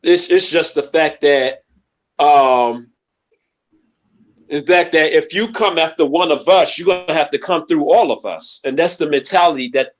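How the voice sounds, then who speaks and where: A man speaks in a measured, thoughtful way with a somewhat high voice. He takes his time as he adds his view to a casual online discussion. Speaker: panel guest.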